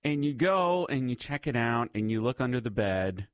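A male radio host talks straight to his listeners in a faith-based segment, his pitch rising and falling lively as he reflects. The studio sound is dry and close, with no room around his voice. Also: moderate pace, clear, resonant tone, dry recording. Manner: conversational and reflective, speaking to listeners.

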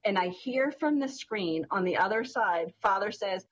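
A middle-aged woman with a distinctive voice, a co-host, tells a story in casual chat, animated and laughing along as she goes. Her pitch is medium and her speed normal, and the highs are cut off.

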